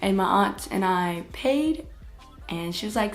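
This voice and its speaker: A young woman tells a casual story-time vlog straight to camera. Her delivery is expressive, and she jumps into other people's lines as she retells what happened. Faint music plays under her voice. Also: mid-range voice, unhurried. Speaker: vlogger.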